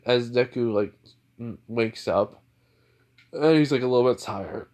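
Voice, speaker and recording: A man's voice: medium pitch, measured pace, long pauses, darkish tone. Rambling man telling a fan story. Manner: rambling, filler-heavy retelling. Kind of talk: casual improvised storytelling.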